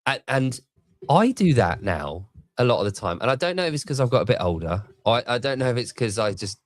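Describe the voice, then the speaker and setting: A man's voice: mid-range voice, big pitch swings, a little fast, dry recording. A man talks in a loose, conversational way, often laughing and circling back. He sounds like a show host chatting with a friend. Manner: rambling, laughs often, many restarts. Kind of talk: casual chat.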